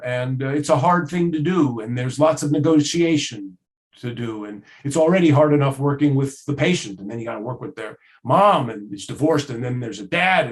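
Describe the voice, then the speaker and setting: A man lecturing at a workshop in a relaxed, conversational manner, working through a list of ideas. He often pauses on "uh" and lets his voice drop quietly as he wraps up a point. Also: mid-range voice. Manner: conversational, with frequent "uh" fillers and listing. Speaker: trainer. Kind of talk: recorded training lecture.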